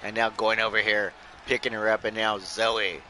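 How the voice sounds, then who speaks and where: A man's voice: lowish voice, steady tone, moderate pace, pushed and bright, slight background noise. Man calling game wrestling play-by-play. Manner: loose play-by-play, often addressing "folks", joking asides. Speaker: host and play-by-play commentator. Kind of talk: live-streamed video game wrestling commentary.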